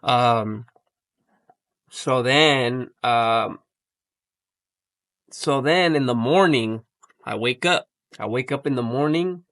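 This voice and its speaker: A man's voice: mid-range voice, takes it slowly, pauses often, a bit bright, no echo. A man casually telling a long story, rambling, slangy and full of swearing, acting out what people said. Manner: rambling, heavy slang and swearing, acts out quotes. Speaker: podcast storyteller.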